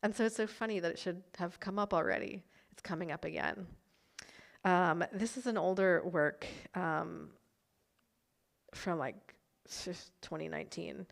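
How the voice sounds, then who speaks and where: A woman reading her own prose poetry aloud in a measured, list-like way with short pauses. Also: lowish voice, creaky. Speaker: poet.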